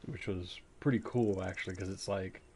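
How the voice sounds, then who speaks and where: A man's voice: low-pitched, fairly even intonation, moderate pace, husky. A man chatting casually while streaming a game, rambling and thinking aloud as he plays. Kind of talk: casual gameplay chat. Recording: game music loud behind voice. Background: game music.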